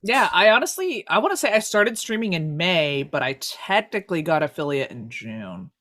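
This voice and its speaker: Slangy, animated young podcast co-host. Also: medium pitch, moderate pace. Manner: slangy, animated, swears freely. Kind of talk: casual podcast chat.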